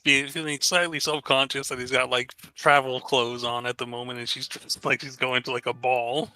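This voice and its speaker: A man describes his character's actions during a tabletop game, relaxed and thinking aloud with small fillers. His voice is very bright at an ordinary pitch. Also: normal speed. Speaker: player.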